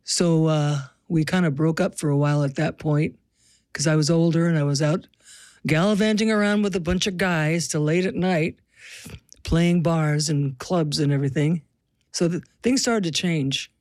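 This low, slightly mellow female voice holds a steady tone at a moderate pace, captured in a dry studio. She's an older Pacific Northwest musician being interviewed, spinning stories in a wry, reflective way and laughing along.

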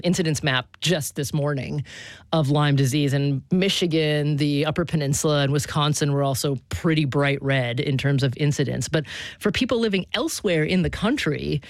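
A woman hosts a public radio interview from a studio. She asks measured, probing questions and keeps them loose with casual fillers. The sound is dry and close, with no room around it. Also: low-pitched, no room sound. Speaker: radio show host. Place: studio in Boston.

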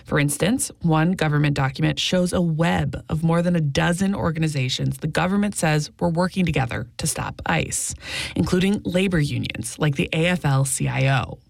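Radio correspondent, woman, low and gravelly, measured scripted read, close dry mic. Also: no room sound. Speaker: news correspondent. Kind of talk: scripted news report.

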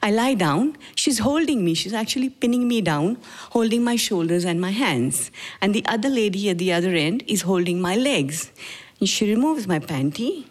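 A woman in her forties with an Indian accent, speaking slowly and gravely as she tells a personal story to an audience. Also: medium pitch, lively intonation. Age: 40s. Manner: measured, halting, grave storytelling. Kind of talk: personal testimony talk.

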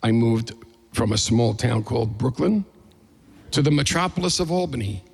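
A man's voice: mid-range voice, animated, moderate pace, vocal fry, noisy background. A middle-aged man tells a personal story in a conversational, humorous way, acting out the voices he quotes. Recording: reverberant hall.

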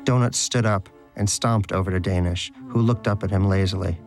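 A man with a fairly low voice narrates a storybook in a dry, wry way. Clear background music plays under his reading throughout. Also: steady tone, normal speed, few pauses, darkish tone, no echo.

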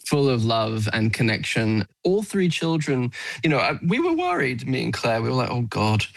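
A man, a film actor, answering interview questions in an earnest, animated way, often restarting phrases. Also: mid-range voice, normal speed, creaky, no room sound, low-quality recording. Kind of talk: radio interview. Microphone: studio mic.

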